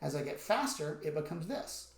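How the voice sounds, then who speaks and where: A man with a gravelly edge to his voice gives a drum lesson in a roomy space. He calls out each stroke and counts the beat aloud as he plays. Loud stick clicks on a practice pad sound throughout. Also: on the high side, very animated, normal speed, heavy background noise. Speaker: drum teacher. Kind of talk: instructional demonstration.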